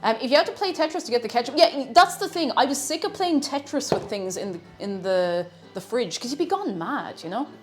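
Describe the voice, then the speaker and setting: Lively Irish woman chatting as she cooks. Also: on the high side, a little fast, hardly any pauses, soft background music. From Ireland. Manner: chatty, giggly, reads chat aloud. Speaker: streamer. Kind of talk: casual live-stream chat while cooking. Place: home kitchen.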